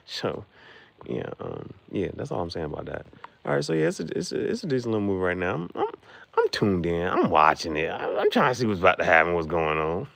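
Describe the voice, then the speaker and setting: Deep gravelly man recapping a movie. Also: big pitch swings, a little fast, a bit bright, dry recording. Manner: rambling, full of fillers like "you know what I'm saying". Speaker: vlogger.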